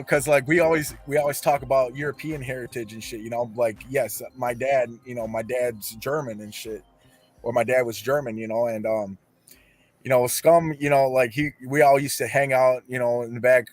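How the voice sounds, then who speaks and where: A man's voice: medium pitch, steady tone, normal speed, soft background music. A man telling rambling, profane stories as a podcast host in casual chat.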